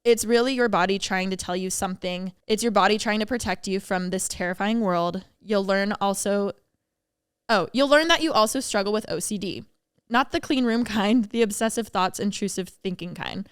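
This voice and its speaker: A woman hosting a podcast alone, talking openly and from the heart, quick to laugh, on a studio mic. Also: medium pitch, clean tone, no room sound. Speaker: podcast host. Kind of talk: candid solo podcast reflection.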